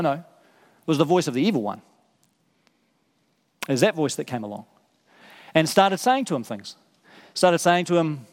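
Male pastor, sermon delivery, earnest and repetitive for emphasis, somewhat high pitch, reverberant hall. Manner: earnest, repeats words for emphasis.

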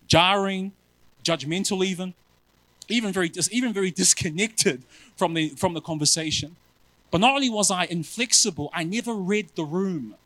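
A male preacher giving a sermon in an animated, self-mocking way, often calling his listeners family. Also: high-pitched, no echo, poor audio.

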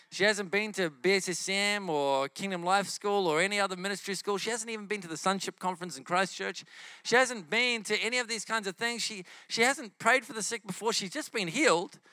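A man's voice: high-pitched, no room sound. A man preaching, telling healing stories and acting out the people in them. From New Zealand. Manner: animated, acts out the people in his stories. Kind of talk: sermon storytelling.

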